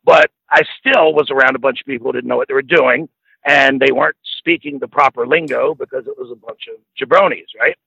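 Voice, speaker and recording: A man's voice: mid-range voice, a little fast, vocal fry, bright, forceful tone, husky, muffled recording. A man, a former wrestling manager, telling long profane anecdotes as a podcast guest, laughing as he goes. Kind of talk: casual storytelling.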